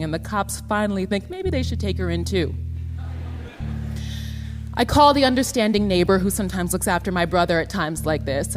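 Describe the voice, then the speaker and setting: A woman earnestly telling her own life story in the first person, her voice emotional and her pace shifting. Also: medium pitch.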